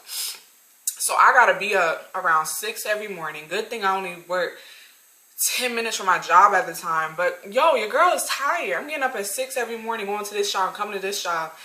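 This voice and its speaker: A woman in her twenties telling a storytime vlog, slangy and animated, talking straight to her viewers. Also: medium pitch, echoey room, rough recording. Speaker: vlogger.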